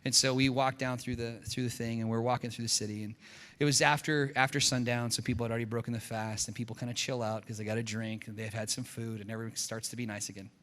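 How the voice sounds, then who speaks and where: A man preaching a sermon as pastor, telling a story with lively acted-out quotes. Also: medium pitch, quick pace, long reverb tail. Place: church sanctuary.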